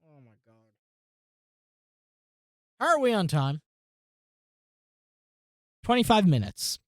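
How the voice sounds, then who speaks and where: A woman hosting a casual tech vlog, talking through a software install and muttering to herself in exasperation, with frequent swearing. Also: medium pitch, sing-song, slow, dry recording, clean studio sound. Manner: addresses viewers as folks and guys. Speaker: tech channel host.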